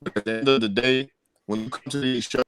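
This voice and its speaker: A man's voice: mid-range voice, fairly even intonation, fast, over loud music. A man calling into a casual car talk over a choppy connection, keeping his point going. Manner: talks on through a choppy connection. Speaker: panelist calling in. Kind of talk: casual group discussion.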